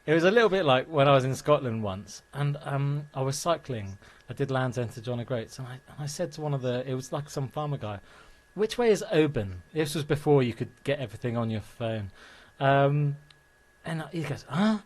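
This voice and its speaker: A man's voice: medium pitch, expressive, a little fast. A male host of a live show, reading out viewer comments and bantering with an upbeat manner.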